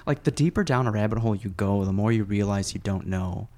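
A man's voice: fairly low pitch, fast, darkish tone. A man hosting a casual interview, who also teaches EMS. He asks questions, reflects aloud and often restarts his sentences.

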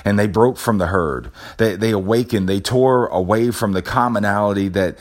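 A man's voice: fairly low pitch, moderate pace. A man hosting a show and giving a motivational talk, repeating himself with an emphatic, preacher-like cadence. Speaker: podcast host.

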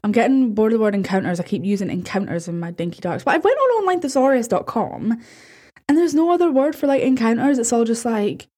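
A Scottish woman hosting a podcast, chatting in a bubbly, rambling, excitable way. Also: fairly high pitch, quick pace. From Scotland. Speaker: podcast host. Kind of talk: casual chat.

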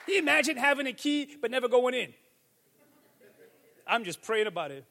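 High, bright-voiced preaching man. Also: big pitch swings, brisk, gravelly, big-room sound, some chatter behind. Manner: builds from quiet musing to fervent shouting. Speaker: pastor. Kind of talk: sermon. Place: church sanctuary.

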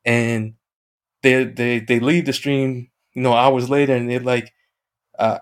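A man guest on a podcast, telling a video game story in a casual, excited way, acting out what others said and swearing mildly. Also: mid-range voice, normal speed, pauses often. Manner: excited storyteller, acts out quoted chat, mild swearing.

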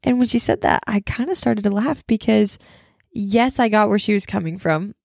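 A woman's voice: mid-range voice, moderate pace, vocal fry, no room sound, clean studio sound. A young woman, talking casually about faith and telling a personal story, full of fillers and chatty asides. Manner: chatty, lots of fillers, describes herself as loud. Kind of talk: casual Christian testimony talk.

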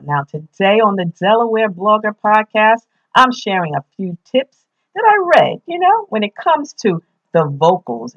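A woman's voice: mid-range voice, muffled recording. A woman with a New York accent hosting a podcast, giving casual tips in an upbeat, emphatic way and repeating her key phrases. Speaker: podcast host.

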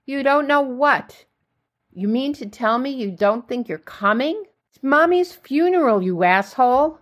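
A woman's voice: high voice, animated, a little slow, pitched above the performer's own voice. A woman voicing an adult sister who insistently presses grim family news, with a scolding tone. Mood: exasperated. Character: exasperated adult sister delivering bad news.

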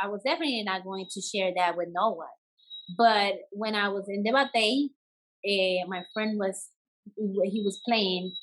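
A woman's voice: medium pitch, a bit bright, rough recording. Woman telling her story. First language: Spanish. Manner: switches into Spanish words, frequent restarts, laughs while telling. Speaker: bomba dancer, interview guest. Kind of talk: casual personal storytelling.

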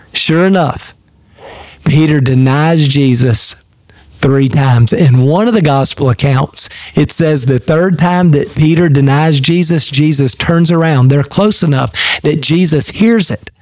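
A male pastor giving a daily devotional, reading scripture and teaching in an earnest, measured way with repeated phrases. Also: on the high side, darkish tone, no echo.

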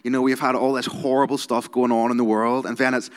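A man's voice: mid-range voice, level tone, fast, clean tone, big-room sound. A Northern Irish man, a youth worker, giving an informal sermon-style talk, chatty and conversational, often checking in with the audience. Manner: conversational, keeps checking in with "okay?" and "right?".

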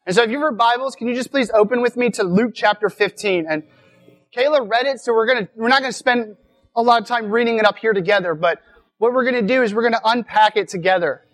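A woman speaking at a weekend church retreat delivers a conversational sermon, casual in tone, repeating words as she goes and often asking rhetorical questions like "right?". Her voice is fairly high and fast.

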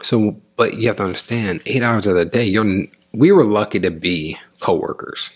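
A man co-hosting a casual talk with his partner, animated and explaining his views, often acting out little quoted voices. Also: fairly low pitch, normal speed, slightly rough. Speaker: podcast co-host talking with his partner. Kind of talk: casual relationship chat.

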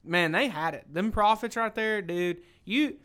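Bright, high-voiced man. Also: a little slow, clear, resonant tone. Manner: animated, acts out quotes, says "dude". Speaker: church podcast co-host. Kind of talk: casual Bible discussion.

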